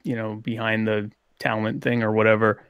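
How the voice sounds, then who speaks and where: A man's voice: lowish voice, little pitch movement, normal speed, smooth, no echo, muffled recording. A man co-hosting a podcast in casual chat, joking and self-deprecating. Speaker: podcast co-host.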